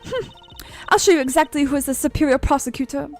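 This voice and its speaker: A woman's voice: sits high, fast talker, faint music behind, pitched above the performer's own voice. A woman voicing a haughty, competitive young female prosecutor with a German accent, reading video game dialogue aloud in an imperious, scornful manner.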